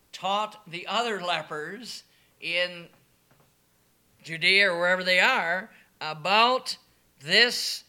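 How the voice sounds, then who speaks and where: A man preaching a sermon, emphatic and animated, moving between soft asides and loud, shouted declarations. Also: high-pitched.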